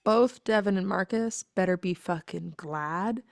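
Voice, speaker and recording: A young woman talks in a relaxed podcast chat, blunt and a little dramatic, swearing freely as she vents. Her voice sits at an ordinary middle pitch. The sound is dry and close, with no room echo. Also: a little slow, creaky. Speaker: podcast co-host. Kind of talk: casual chat.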